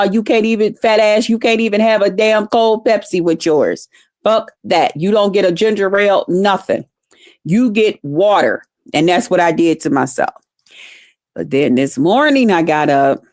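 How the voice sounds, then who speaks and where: A woman's voice: fairly low pitch, a little mellow, no room sound. Brief: woman vlogger, foul-mouthed casual storyteller, dry close mic, no room sound. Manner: blunt, salty, talks straight to viewers. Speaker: vlogger chatting with live viewers. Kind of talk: casual profane storytelling to camera.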